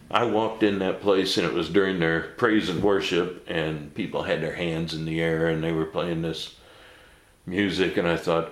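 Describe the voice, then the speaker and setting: Deep-voiced man telling stories, echoey room. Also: normal speed. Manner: laughs often while telling stories; blunt, mild swearing. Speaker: interview guest. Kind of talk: casual storytelling.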